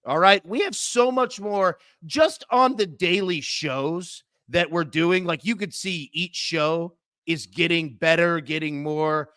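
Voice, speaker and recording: Bright-voiced man pitching with excitement. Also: no echo, studio quality. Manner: fast, emphatic, repeats 'literally'. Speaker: co-host. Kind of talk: excited sales pitch and betting talk.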